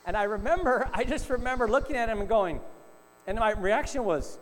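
A man with a notably high voice preaches to his congregation, telling a story in an easy, conversational way and often checking in with his listeners. His voice rings out with a long reverb, as if he stands in a large hall, and a faint electrical hum sits beneath it. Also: brisk. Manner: storytelling, conversational with frequent "right?" asides. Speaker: pastor. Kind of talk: sermon.

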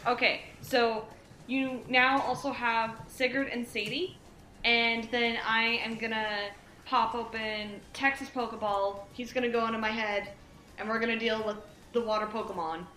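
A woman's voice: fairly high pitch, fairly even intonation, normal speed, bright, forceful tone, echoey room, a little hiss or hum. A woman playing in a tabletop game, thinking aloud with hesitant fillers. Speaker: player.

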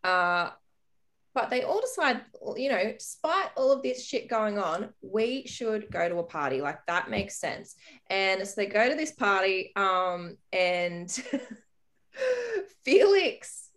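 A woman's voice: medium pitch, sing-song, takes it slowly, fairly bright tone. A woman podcast host chatting casually, recapping a story bluntly with some swearing.

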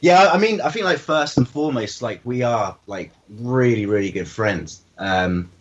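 A man in a band, talking casually and haltingly, repeating words as he talks about his bandmates. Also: mid-range voice, expressive, husky, dull audio. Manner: hesitant, repeats words, warm about friends. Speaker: band member. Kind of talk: casual interview chat.

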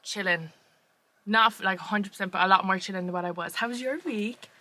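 A woman's voice: mid-range voice, sharp tone, dry recording. A woman co-hosting a podcast, telling stories in casual chat with lots of fillers and laughter. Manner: chatty, laughing, fast storytelling with many fillers. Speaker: podcast co-host.

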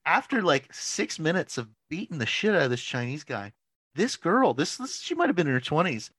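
A male podcast co-host with a higher, sing-song, fairly bright voice and a breathy edge tells a long, rambling story at a moderate pace. He laughs frequently and uses "like" constantly, and there's no echo.

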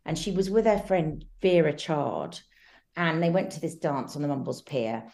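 Low, creaky-voiced woman reminiscing. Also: normal speed. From England. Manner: warm, hesitant, many ums and restarts. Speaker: guest. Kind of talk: reflective interview chat.

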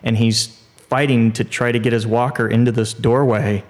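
A man, a screenwriter and TV producer, telling a lively anecdote as a podcast guest, with many restarts. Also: medium pitch, normal speed. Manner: animated storyteller, restarts and fillers.

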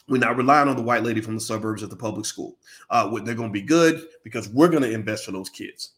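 A man's voice: medium pitch, fast. Man, impassioned monologue, preachy, emphatic, slangy, repeats words, mid-range voice. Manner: uses casual speech with slang. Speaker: commentator.

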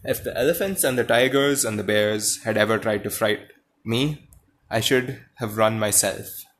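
A man's voice: lowish voice, normal speed, fairly bright tone, natural voice. A man reading aloud a timid, self-pitying male lion who is ashamed of his cowardice, in a storybook reading. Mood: sorrowful.

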